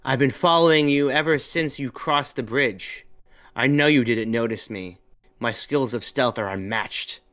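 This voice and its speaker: A man voicing a shrill, mocking young girl thief. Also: unhurried, close to an everyday voice. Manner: mocking, shrill, rising to shouts. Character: defiant young girl thief, cocky and restless.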